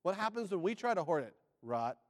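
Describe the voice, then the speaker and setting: A man preaching a sermon, firing rhetorical questions and swinging between loud and hushed delivery. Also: sits high, big pitch swings, fairly quick, big-room sound.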